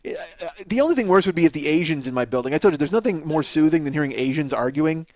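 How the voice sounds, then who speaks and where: A man with a somewhat high voice rambles on like a stand-up. He is crude and self-mocking, and he keeps talking over a podcast microphone in a small apartment. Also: lively intonation, quick pace, darkish tone. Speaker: podcast host. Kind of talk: comedic monologue.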